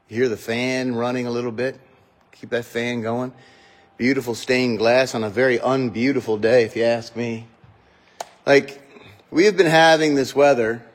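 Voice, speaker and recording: A middle-aged male pastor chatting casually and joking to his congregation, still getting over a cough. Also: medium pitch. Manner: chatty, joking, animated asides. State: recovering from a cough. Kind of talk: casual morning livestream chat.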